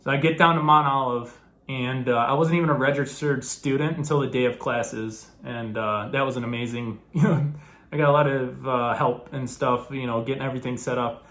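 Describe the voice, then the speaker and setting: A young man casually telling a story to camera, animated and laughing often, acting out the people in it. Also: medium pitch, a little fast. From New York. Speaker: former college baseball player telling his story.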